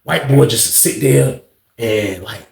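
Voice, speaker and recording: A young man tells a story in a loose, rambling way, animated and full of profanity. His voice sits at an ordinary pitch and bounces around a roomy space with a clear echo. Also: slow pace. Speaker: storytime vlogger. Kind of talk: casual storytelling.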